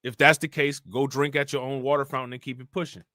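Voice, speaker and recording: Bright-voiced man ranting on a livestream. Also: medium pitch, fast, no room sound, clean studio sound. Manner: animated, ranting, slangy. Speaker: livestream host reacting to news. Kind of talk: casual livestream commentary.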